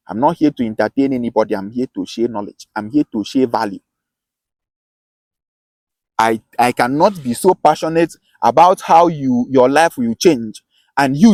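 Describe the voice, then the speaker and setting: A man's voice: fairly high pitch, a little mellow, no echo. A man with a Nigerian Akwa Ibom accent giving a passionate lesson, stressing points and often restarting his phrases. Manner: emphatic, repeats and restarts phrases. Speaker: self-styled teacher.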